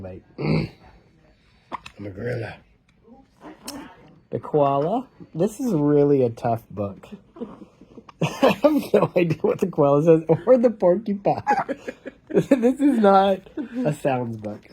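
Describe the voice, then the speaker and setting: A man's voice: fairly high pitch, mellow, a little hiss or hum. A man reading a picture book aloud to his baby in a casual home video, joking about what noises the animals make.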